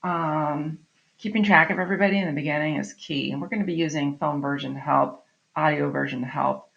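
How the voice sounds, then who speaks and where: Low, gravelly-voiced woman teaching a lesson. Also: fairly even intonation, fairly quick, a bit bright. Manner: chatty, explaining with frequent "right?" and "um". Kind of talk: recorded online literature lesson. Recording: slightly dull lo-fi audio.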